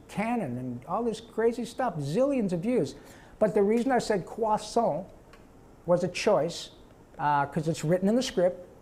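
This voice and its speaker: A voice actor answering audience questions at a live panel, animated and quick to slip into character voices. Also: male voice, high-pitched. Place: event stage before a live audience.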